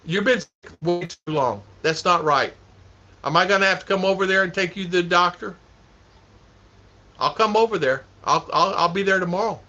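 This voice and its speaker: Male vlog host chatting to a live chat, bright tense tone, rambles and repeats, muffled stream sound. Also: sits high, normal speed. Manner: rambling, repeats himself, laughs a lot. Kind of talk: casual livestream chat. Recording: dull lo-fi stream audio.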